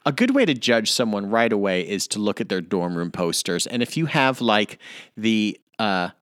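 A man's voice: on the low side, very animated, moderate pace, fairly bright tone, no echo, clean studio sound. A man in his forties co-hosting a casual podcast, telling rambling, self-deprecating stories. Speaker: podcast co-host. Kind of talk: casual chat.

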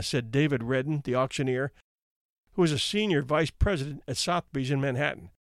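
A man's voice: mid-range voice, a little fast, dry recording. Male podcast narrator, wry and chatty, dry close mic. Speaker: podcast host. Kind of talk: storytelling narration.

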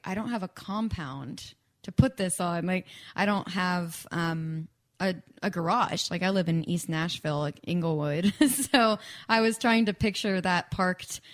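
Chatty young woman, low-pitched, casual guest storytelling with filler words. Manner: chatty, frequent fillers and laughs, acts out quoted speech. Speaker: guest songwriter. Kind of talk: casual chat.

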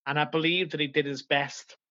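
A man in his forties recounts his past to a podcast host, earnest and reflective, often stopping to restart a thought. His voice sits a little high. The sound is dull and lo-fi. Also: fairly even intonation, a little fast, sharp tone. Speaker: podcast guest. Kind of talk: reflective personal storytelling.

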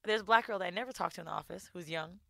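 A young woman co-hosts a casual podcast and tells her story with raw emotion, often acting out the people she quotes. Her voice sits a little low and sounds bright and forceful. The recording is dry and close. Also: racing, vocal fry, no echo. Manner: emotional storytelling, swearing, quoting others. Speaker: podcast co-host. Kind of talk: candid casual chat.

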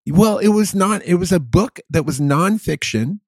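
A man co-hosting a podcast, chatting casually in animated, joking and profane rants. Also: high-pitched, moderate pace, breathy edge, no echo, studio quality. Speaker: podcast co-host. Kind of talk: casual chat.

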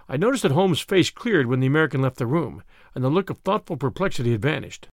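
A man reading a story aloud in steady scripted narration. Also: mid-range voice, fast talker, no room sound, studio quality. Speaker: audiobook narrator.

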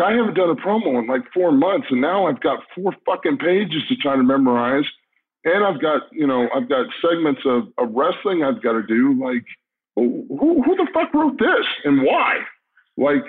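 A man's voice: fairly high pitch, moderate pace, breathy edge. A middle-aged man, a former wrestler guesting on a podcast, talking bluntly and laid-back with plenty of swearing. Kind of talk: casual interview chat. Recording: tinny phone-like line.

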